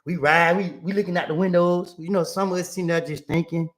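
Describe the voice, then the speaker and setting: A young man, telling a story to his chat in a casual, animated way and acting out the other people's voices. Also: sits high, quick pace.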